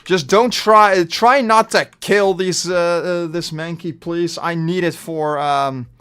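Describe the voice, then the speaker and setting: Bright-voiced Dutch man streaming. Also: high-pitched, fairly even intonation, slow pace, clean tone. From Netherlands. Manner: chatty, bursts of frustration, trailing off. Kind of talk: live game commentary.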